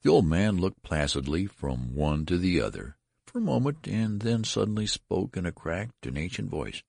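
A man narrating a story aloud with expressive delivery. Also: rumbling low, normal speed, vocal fry, slightly rough, no echo, clean studio sound.

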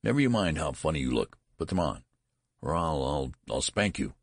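A man's voice: extremely low pitch, big pitch swings, normal speed, dry recording, studio quality, exaggerated voice. A man voicing a nervous middle-aged father who stammers and snaps. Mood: flustered. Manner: flustered, stammering.

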